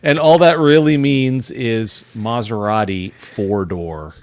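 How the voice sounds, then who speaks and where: A man's voice: mid-range voice, slow, background noise. A man in a casual group chat about a TV show, laughing and trading film references.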